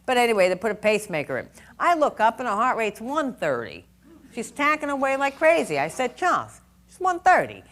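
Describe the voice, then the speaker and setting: A woman's voice: fairly high pitch, sing-song, brisk, fairly bright tone. A middle-aged woman teaching a nursing review class in a chatty, folksy way, telling stories and acting out dialogue. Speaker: nursing exam review instructor. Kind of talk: lecture with personal anecdotes.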